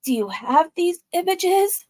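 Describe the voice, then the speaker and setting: A woman's voice: very high voice, very animated, slow, warm tone, voice pushed up, heavily acted. A woman putting on the voice of a hesitant, guarded husband on a phone call. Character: cautious husband fielding an awkward phone call.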